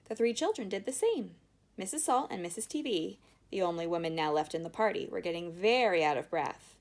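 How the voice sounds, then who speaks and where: A woman narrating a children's storybook aloud in an expressive, lively way. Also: lowish voice, fairly quick. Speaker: audiobook reader.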